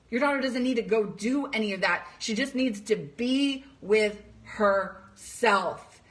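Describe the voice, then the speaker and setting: A woman's voice: mid-range voice, fairly bright tone. A young woman coach talking earnestly to parents, emphatic and direct, sometimes acting out panicked voices. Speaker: coach for teenage girls. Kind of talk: direct-to-camera talk to parents.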